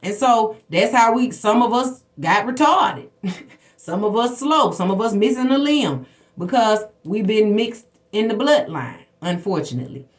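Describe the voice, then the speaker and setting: A woman's voice: on the high side, expressive, a little slow. A woman hosting a spiritual livestream, telling personal stories in a blunt, profane, preachy way. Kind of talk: casual spiritual talk to viewers.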